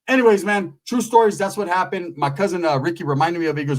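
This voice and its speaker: A man telling a rambling street story in a profane, animated way, tagging his lines with "right?". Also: high voice, fast talker, low-quality recording.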